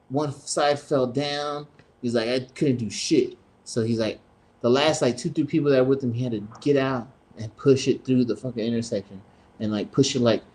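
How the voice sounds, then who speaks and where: Profane, animated man telling a story. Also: mid-range voice. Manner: profane, animated, slips into voices of relatives. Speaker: podcast co-host. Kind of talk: casual storytelling chat.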